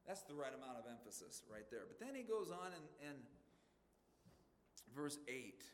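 A man's voice: medium pitch, big pitch swings, normal speed. A man from the western United States preaching a sermon as pastor, emphatic and conversational, firing off rhetorical questions to his church. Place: church sanctuary. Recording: long reverb of a large hall.

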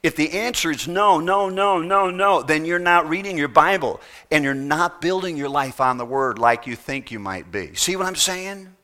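A man's voice: on the high side, lively intonation, moderate pace, hardly any pauses, sharp tone. A middle-aged man preaching a sermon, pressing his point with repeated rhetorical questions. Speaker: pastor.

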